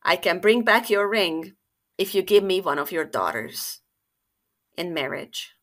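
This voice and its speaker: Fairytale devil in disguise, smooth and polite, scheming, played by a woman storyteller. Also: fairly low pitch, expressive, a little slow.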